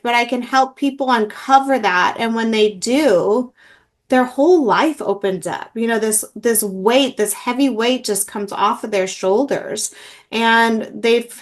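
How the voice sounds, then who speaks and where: Middle-aged woman, a healing practitioner, earnest and filler-heavy, pitched a little high. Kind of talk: interview, personal story.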